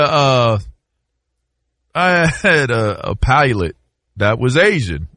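A male sports radio co-host who tells stories in a relaxed, unhurried way and laughs often. His pitch moves a great deal, and his speech comes slowly. The studio is dry. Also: dry recording. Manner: animated storyteller, laughs often. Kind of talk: sports talk radio banter.

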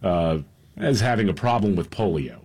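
A man co-hosting a radio talk show, running through the day's top stories in a relaxed, chuckling way. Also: sits low, normal speed, breathy edge. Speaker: radio talk show co-host reading headlines. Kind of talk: casual radio news rundown.

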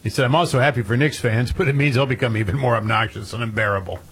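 A man's voice: mid-range voice, fast, a bit bright, husky. A man co-hosting a radio show, reading news stories with wry, sardonic commentary. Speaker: radio co-host. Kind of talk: morning radio banter.

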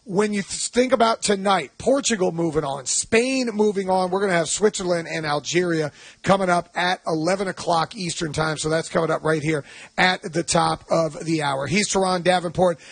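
High-voiced chatty sports radio host. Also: male voice, gravelly, slightly rough, dry recording. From Atlanta. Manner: chatty, enthusiastic, quick asides.

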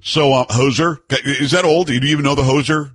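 A man hosting a talk show in casual, joking banter, animated and teasing. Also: on the high side, a little fast, slightly rough, no echo.

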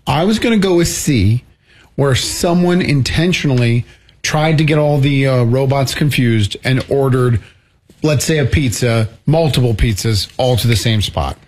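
A man's voice: mid-range voice, moderate pace, a little mellow. A man co-hosting a radio show, chatting in an easygoing, joking way and telling stories. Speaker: co-host. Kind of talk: casual radio show chat.

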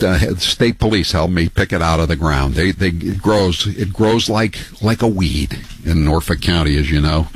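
Husky talk radio host. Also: male voice, no echo. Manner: opinionated, rambling, voice jumps high when riled.

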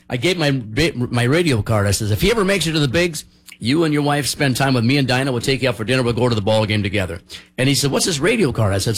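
A man's voice: mid-range voice, slightly rough. A man hosting a radio show, chatty and joking as he tells stories in the studio. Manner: chatty, jokey, storytelling. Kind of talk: casual radio talk.

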